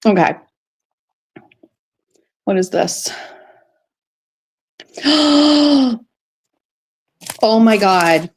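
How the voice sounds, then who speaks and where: A woman chatting casually on a live stream from her kitchen table, excitable and swearing, often gasping and laughing. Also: medium pitch, extremely slow, pauses often.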